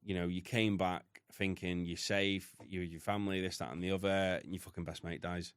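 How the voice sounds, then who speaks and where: Deep-voiced British man telling a hard story. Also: level tone, brisk, smooth, no echo, studio quality. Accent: British English. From United Kingdom. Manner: blunt, heavy swearing, emotional retelling. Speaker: podcast guest. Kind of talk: candid storytelling.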